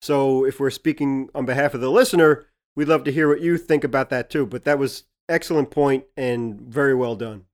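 A man's voice: medium pitch, fairly even intonation, normal speed, few pauses. Guy cohosting a podcast, medium voice, easygoing and agreeable. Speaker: podcast co-host. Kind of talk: casual podcast discussion.

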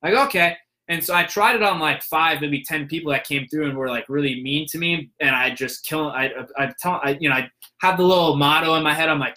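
A man's voice: on the high side, fairly quick, sharp tone. A young man telling a story in a casual monologue, rambling with fillers and restarts and acting out the people he quotes.

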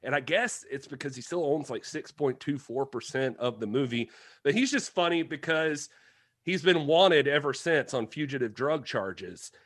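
A man's voice: medium pitch, normal speed, no room sound. A man co-hosting a podcast, chatting casually and adding joking asides. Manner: animated, jokey, adds asides. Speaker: podcast co-host. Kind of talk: casual chat.

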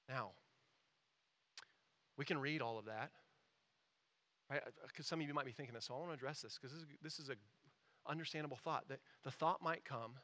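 Bright-voiced man preaching a sermon. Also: medium pitch, fairly quick, pauses often. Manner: earnest, builds from quiet scripture reading to emphatic exhortation. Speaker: pastor.

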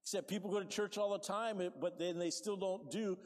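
A man preaching a sermon with lively swings from quiet to loud, asking for amens. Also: high-pitched, fairly quick, big-room sound.

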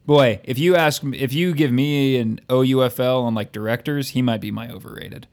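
A man hosting a relaxed podcast conversation who asks the questions. He teases his guest dryly and talks at an ordinary pitch. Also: moderate pace. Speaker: podcast host. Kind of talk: casual chat.

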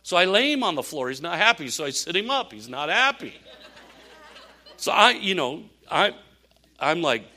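An older man preaching a sermon, telling animated stories with laughs and asides. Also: a little high, normal speed, pauses often, some chatter behind. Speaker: pastor.

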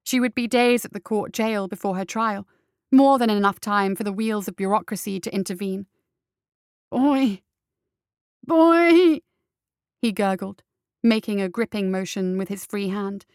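A woman reading a story aloud in measured, dramatic audiobook narration, close to the mic. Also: mid-range voice, steady tone, darkish tone, smooth, no room sound.

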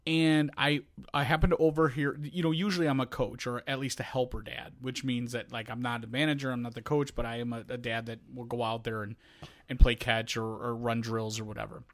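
A middle-aged man co-hosting a podcast tells a story in casual conversation, animatedly acting out the quoted voices of the people involved. His pitch is medium, he speaks fairly quickly, and there's no room sound.

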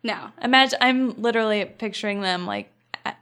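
A woman's voice: medium pitch, a little fast, a bit bright, clear, resonant tone. A woman podcast host in casual chat, recapping a TV episode with laughter and quotes. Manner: chatty, laughing, quoting scenes.

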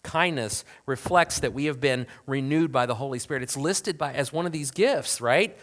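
A man, a pastor, preaching a conversational sermon full of rhetorical questions, swinging from loud emphasis to hushed asides. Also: medium pitch, normal speed.

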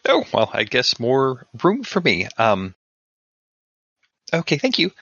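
A man's voice: mid-range voice, wildly swooping pitch, slow pace, sharp tone, no room sound, muffled recording, voice pushed up, full character voice. A man voicing a polite, fussy traveling artist who talks hesitantly, full of ums.

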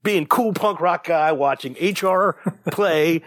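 A man's voice: fairly high pitch, takes it slowly, a bit bright, dry recording, studio quality. A young man, a podcast co-host, rambling through a casual story with lots of fillers and the odd swear. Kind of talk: casual chat.

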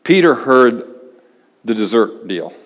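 A man preaching a sermon in a conversational way, pausing dramatically and dropping his voice very low for emphasis. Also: sing-song. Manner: conversational, dramatic pauses, drops to near-whisper for emphasis. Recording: long reverb of a large hall.

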